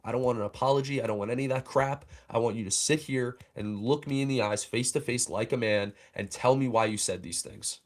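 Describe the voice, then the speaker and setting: Young man, fan show host, heated angry rant, mid pitch. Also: a little fast, hardly any pauses. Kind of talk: livestream rant.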